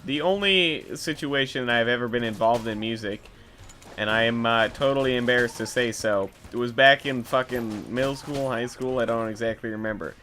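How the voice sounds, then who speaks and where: A man's voice: medium pitch, normal speed, pushed and bright. A young man giving casual, rambling gameplay commentary, swearing often and joking at his own expense. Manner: rambling, self-deprecating, swears a lot. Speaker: let's play commentator.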